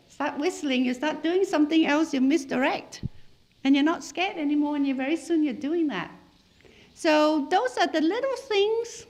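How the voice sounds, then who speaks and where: Lively storytelling woman lecturer from Malaysia. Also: high-pitched. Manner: storytelling, lively and animated, with laughs. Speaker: hypnotherapist giving a talk. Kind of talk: wellness lecture to a class.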